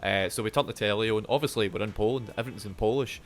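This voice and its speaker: A man's voice: lowish voice, very fast. A man co-hosting a podcast in casual chat, teasing and jokey. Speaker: podcast co-host. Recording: clicks and clear background noise.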